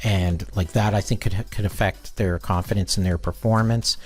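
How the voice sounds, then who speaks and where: A man's voice: deep voice, fairly even intonation, moderate pace. A man hosting an interview, asking questions in a conversational, thoughtful way. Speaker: host.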